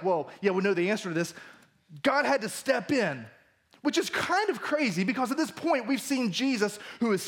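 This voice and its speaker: A man's voice: extremely high pitch, a bit bright. A man preaching a sermon as pastor at a church service, reading scripture and explaining it in a conversational, emphatic way.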